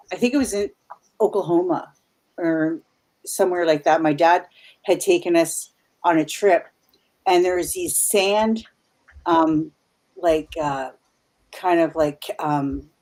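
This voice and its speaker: A Canadian woman in her fifties talks as a guest on a paranormal chat show. Her voice sits a little low. She rambles through her stories and keeps restarting her sentences. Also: a little mellow. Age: 50s. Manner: rambling, full of restarts and asides. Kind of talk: casual chat.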